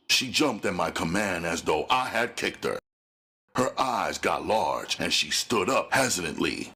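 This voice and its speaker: Deep gravelly male audiobook narrator. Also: lively intonation, unhurried, bright, forceful tone. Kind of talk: dramatic first-person audiobook narration.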